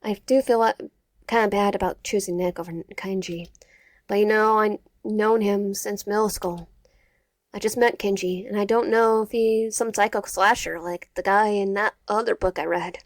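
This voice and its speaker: A woman's voice: medium pitch, fairly even intonation, normal speed, no room sound. A young woman reading a visual novel aloud and commenting casually, often tripping over words and correcting herself. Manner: stumbles and self-corrects while reading.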